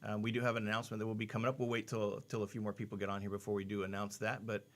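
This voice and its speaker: A man's voice: on the low side, level tone, very fast. A man co-hosting a casual livestream, greeting viewers by name and joking as he reads their comments aloud in a studio. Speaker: livestream co-host.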